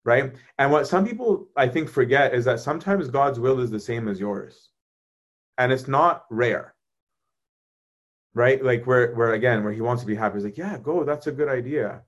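A man, a priest, talking casually about faith and answering viewers' questions in a conversational, animated way. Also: medium pitch, normal speed. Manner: conversational, animated, often asks "right?".

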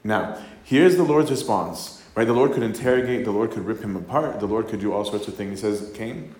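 A man's voice: fairly low pitch, fairly quick, a little mellow, echoey room. A man giving a casual, conversational sermon, reading scripture and then talking it through, often tagging his lines with "right?". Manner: conversational, tags lines with "right?", acts out voices. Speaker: priest giving a talk.

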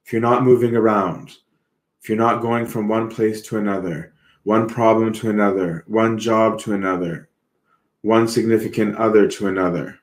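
A man's voice: lowish voice, fairly even intonation, reverberant. A man giving an earnest, reflective sermon, repeating words as he goes. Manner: earnest, reflective, slow with repetitions. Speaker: preacher.

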